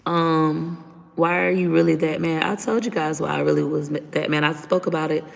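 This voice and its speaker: A blunt woman in her thirties vents to her viewers in a casual livestream. Her voice is heavily gravelly with lots of vocal fry, and it trails off into a long, reverberant echo. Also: low-pitched, level tone, moderate pace. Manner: blunt, candid, venting. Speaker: livestream host.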